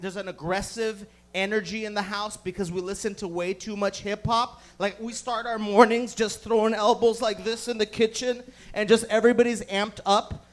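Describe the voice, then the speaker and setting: A man in his thirties doing rowdy, profane stand-up storytelling on a comedy club stage. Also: high voice. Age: 30s.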